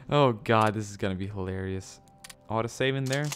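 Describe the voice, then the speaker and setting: A man's voice: lowish voice, a little fast, few pauses, a bit bright, slight background noise. A man giving casual gameplay commentary, chatty, with many ums and joking asides. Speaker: let's play gamer.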